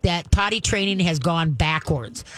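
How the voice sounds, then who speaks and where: A woman's voice: lowish voice, unhurried, a bit bright. A woman hosting a call-in radio show, giving dog training advice in a folksy, emphatic way with frequent laughs.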